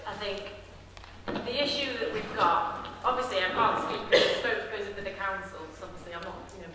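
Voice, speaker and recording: An earnest woman answers an audience question with strong emphasis. Her voice is bright and forceful. She is caught from a distance in a large hall with lots of reverb. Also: medium pitch, slight background noise. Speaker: politician on a panel. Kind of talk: panel answer at a public event. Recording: echoey hall, speaker far from mic.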